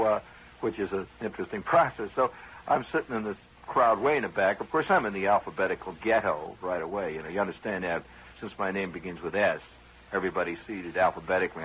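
A man's voice: low voice, a bit bright, a little hiss or hum, rough recording. A man hosting a radio show, telling a rambling personal story in a conversational, wry way with frequent asides to his listeners.

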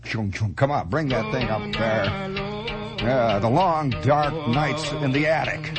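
A man's voice: mid-range voice, measured pace, loud music behind the voice. A man hosting a radio monologue, rambling theatrically and making sound effects with his voice. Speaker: radio host. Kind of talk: late-night radio monologue. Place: radio studio.

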